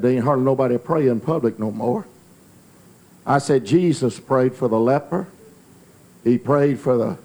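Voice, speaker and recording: A man with a Southern US accent preaching a Pentecostal testimony sermon, building from calm storytelling to fervent, near-shouted preaching. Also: mid-range voice.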